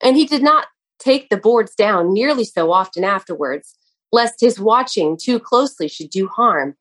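A woman reading a story aloud in a measured, expressive way, with an occasional stumble over a word. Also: mid-range voice. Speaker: narrator. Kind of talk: audiobook narration.

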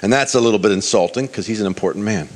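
A man's voice: fairly low pitch, racing. A man preaching a sermon, retelling a scripture story with many restarts and acting out the characters' lines.

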